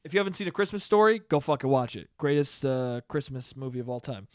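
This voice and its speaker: A man's voice: mid-range voice, lively intonation, fast talker, clean tone, dry recording. Young man rambling and swearing, dry mic. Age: 20s. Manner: rambling, swears freely, laughs at own stories. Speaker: podcast host. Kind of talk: casual solo podcast monologue.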